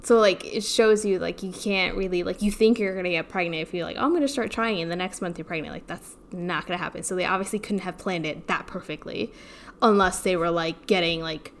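A woman's voice: on the low side, fairly even intonation, brisk. A woman co-hosting a podcast, talking casually with lots of "like" and "um". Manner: chatty, many "like" fillers. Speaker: podcast co-host. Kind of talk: casual chat.

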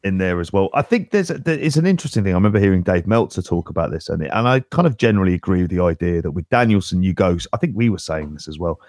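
Man, very low voice, dry close mic, hedging podcast chat. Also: animated, rapid-fire, hardly any pauses, a little mellow, no room sound. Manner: hedging, many fillers like "kind of". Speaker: podcast co-host. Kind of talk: casual chat.

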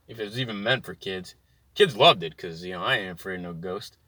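A man in his thirties ranting in a car, heated and animated, swearing constantly. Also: low voice, brisk, dry recording. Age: 30s. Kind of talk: profane ranting monologue. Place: inside a car.

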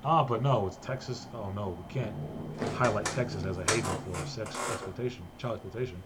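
Fast-talking joking podcast host man. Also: fairly low pitch, very noisy. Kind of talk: casual podcast chat. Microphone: remote recording.

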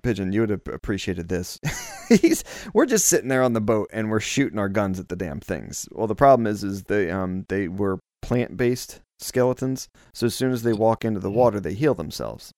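A man's voice: fairly low pitch, normal speed, no echo, clean studio sound. A man hosting a casual gaming podcast, telling stories with frequent laughs. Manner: laughing, lively storyteller. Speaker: podcast host. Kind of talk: casual chat.

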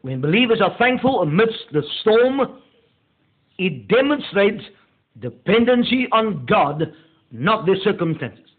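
A male pastor delivering a meditative sermon, slow and deliberate, leaning hard on key words. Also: sits high, big pitch swings, slightly rough. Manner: slow, deliberate preaching with drawn-out emphasis. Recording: tinny phone-like audio.

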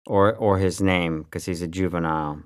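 A man's voice: deep voice, fairly even intonation, normal speed, smooth. A man co-hosting a casual podcast who rants sarcastically and swears freely. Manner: profane, sarcastic ranting. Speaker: podcast co-host. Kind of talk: casual chat.

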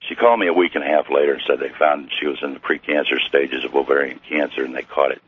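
Very deep, husky man on a phone line. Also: fairly even intonation. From Missouri. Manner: slow, halting with many fillers. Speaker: guest. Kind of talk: storytelling interview. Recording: tinny phone-like radio line.

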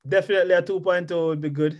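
A man's voice: high voice, very fast, muffled recording. A young man, chatting as an interview guest and laughing often as he tells stories. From Jamaica. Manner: laughs often, easygoing, animated storytelling. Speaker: bobsled athlete guest. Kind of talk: casual interview chat.

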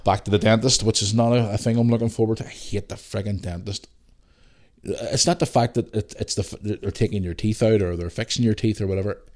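A man in his thirties with a Northern Irish accent, telling stories animatedly on his podcast. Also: lowish voice. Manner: animated storyteller, swears mildly, acts out voices in anecdotes. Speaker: podcast host. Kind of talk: casual storytelling monologue.

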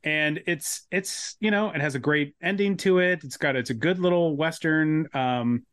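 Male podcast co-host, fairly high voice, dry close sound, halting chatty delivery. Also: fairly bright tone, clean tone, no room sound. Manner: rambling, halting, many restarts and fillers. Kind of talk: casual film podcast chat.

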